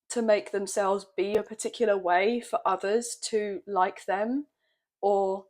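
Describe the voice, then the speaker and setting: A woman doing a tarot reading, chatty and emotional, often checking in with her viewers. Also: mid-range voice. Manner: gentle, chatty, emotional, often saying "okay, guys". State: a bit croaky. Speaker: tarot reader.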